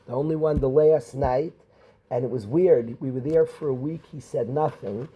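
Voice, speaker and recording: A middle-aged rabbi, teaching a class of students and calling on them by name with questions. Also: male voice, mid-range voice, moderate pace, mellow, breathy edge, rough recording. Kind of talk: Torah class.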